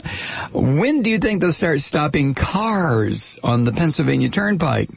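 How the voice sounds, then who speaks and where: A man's voice: fairly high pitch, big pitch swings, a little slow, creaky, breathy edge, no echo. A man hosting a radio talk show, delivering a sarcastic, incredulous, rambling monologue full of restarts.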